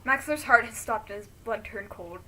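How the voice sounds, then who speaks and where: A woman's voice: mid-range voice, moderate pace, pushed and bright, a little hiss or hum. A woman reading a friend's story aloud, breaking off to react emotionally.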